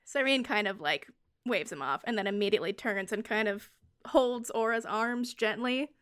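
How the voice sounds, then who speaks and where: A woman's voice: mid-range voice, normal speed, a bit bright, smooth. A woman playing a tabletop role-playing game, describing her character's actions in a casual way. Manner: casual, filler-heavy narration. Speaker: player. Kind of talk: tabletop role-play narration.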